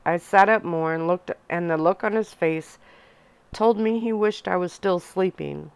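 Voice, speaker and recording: A woman reading a young adult novel aloud in a soft-spoken ASMR storytelling style, narrating in first person. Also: lowish voice, a little slow, gravelly, smooth, no echo. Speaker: audiobook reader.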